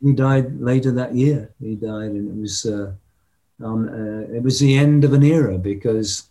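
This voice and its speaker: Brief: older male musician guest, mid-pitched voice, lively storyteller who scats drum beats. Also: moderate pace. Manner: animated anecdotes, mimics drum patterns vocally. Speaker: interview guest, rock drummer. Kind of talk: casual storytelling interview.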